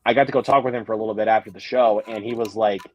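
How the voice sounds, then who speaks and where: A man's voice: fairly low pitch, steady tone, rapid-fire, no echo, muffled recording. A young man hosting a casual live-stream chat, rambling through stories with lots of fillers and restarts. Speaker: host.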